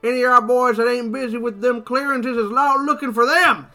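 A man's voice: extremely high pitch, fairly even intonation, a little fast, pushed and bright, soft background music, voice pushed up, heavily acted. A man reading aloud as a blunt male Texan city judge, speaking in a put-on Texan drawl. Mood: blunt warning. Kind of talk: podcast read-aloud of a comic.

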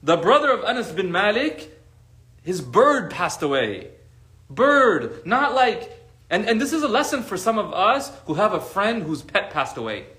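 Animated man preaching in an echoey room. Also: sits high, measured pace. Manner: animated, conversational, acts out quoted friends. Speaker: religious teacher. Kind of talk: lively sermon to a live group.

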